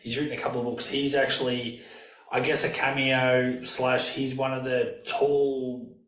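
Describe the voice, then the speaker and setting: A man's voice: medium pitch, level tone, a little slow, fairly bright tone, roomy sound, rough recording. A man co-hosting a casual film review podcast, easygoing and agreeable. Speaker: podcast co-host.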